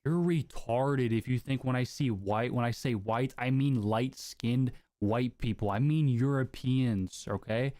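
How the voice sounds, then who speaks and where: A man streaming live, arguing in a combative, profane, quick-fire way. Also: mid-range voice, warm tone, no room sound, clean studio sound. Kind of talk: heated casual argument.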